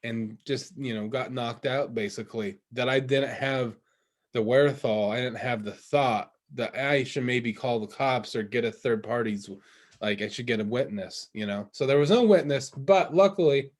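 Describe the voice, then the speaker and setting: A man's voice: medium pitch, moderate pace. Rambling young man telling a story. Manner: rambling storytelling with many fillers and restarts. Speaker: podcast co-host. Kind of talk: casual chat.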